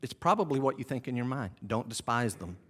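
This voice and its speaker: A man delivers his sermon briskly in a church sanctuary, his medium-pitched voice a bit bright, slightly rough, and lively in intonation. As pastor, he stresses and repeats key phrases and addresses the congregation with casual, self-deprecating asides.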